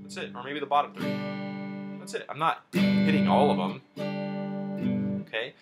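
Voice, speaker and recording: A man's voice: mid-range voice, sing-song, normal speed, long pauses. A man teaching a beginner guitar lesson in a chatty, informal way, talking straight to the viewer. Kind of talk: casual video lesson. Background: guitar playing.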